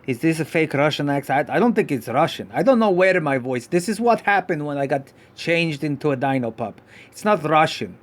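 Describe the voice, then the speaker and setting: Man doing a goofy dino puppet pup, vague put-on foreign accent, slightly high voice, halting, rambling podcast host. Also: animated, close to an everyday voice. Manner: rambling, halting, many restarts. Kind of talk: live podcast character act.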